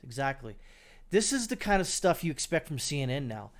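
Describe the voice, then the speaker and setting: A man's voice: mid-range voice, big pitch swings, brisk. A man hosting political commentary, reacting to news clips with sarcastic, scornful remarks and thinking aloud with fillers.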